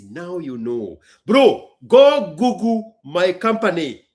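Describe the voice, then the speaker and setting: A business owner hosting a casual chat show speaks in a high-pitched, slightly mellow voice. He tells a story emphatically and bluntly.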